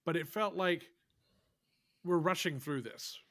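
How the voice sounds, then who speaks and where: A man's voice: a little high, fairly bright tone, no echo, clean studio sound. A man co-hosting a casual horror podcast who jumps in with short remarks and laughs along. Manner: quick interjections, laughs along. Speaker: podcast co-host. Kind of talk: casual chat.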